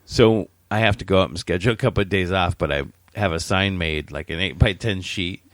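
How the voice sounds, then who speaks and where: A man's voice: low-pitched, fairly quick, no room sound, clean studio sound. A man co-hosting a podcast, telling a funny story from work in a jokey, casual way, swearing and acting out the people in it. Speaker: podcast co-host.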